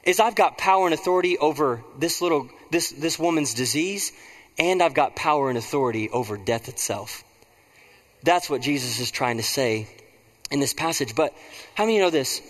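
A man's voice: a little high, animated, normal speed, a bit bright, big-room sound. A man preaching a conversational sermon as pastor, prompting the congregation to respond.

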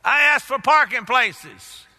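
A man's voice: very high-pitched, animated, slow pace, sharp tone, long reverb tail. An older man preaching a sermon in a church, repeating phrases for emphasis and building to exclamations. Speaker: pastor.

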